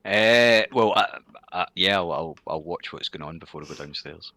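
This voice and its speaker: A man playing a tabletop role-playing game, speaking haltingly with frequent restarts. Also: deep voice, pushed and bright, no echo. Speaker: player.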